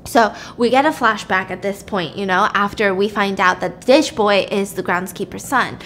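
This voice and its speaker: A woman podcast host casually retelling a movie plot, chatty and animated with plenty of filler words. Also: medium pitch, moderate pace, a little hiss or hum.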